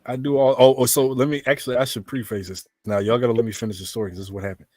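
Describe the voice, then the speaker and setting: A man's voice: mid-range voice, level tone, rapid-fire, darkish tone, dry recording. A man co-hosting a podcast, telling a profane story in casual chat and acting out both sides of the dialogue. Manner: profane, blunt. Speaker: podcast co-host.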